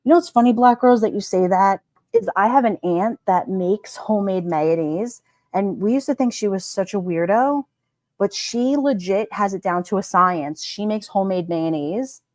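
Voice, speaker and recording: A woman hosting a casual livestream, reading viewer comments aloud and chatting about them in an animated way, laughing often. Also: medium pitch, normal speed, no echo. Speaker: livestream host.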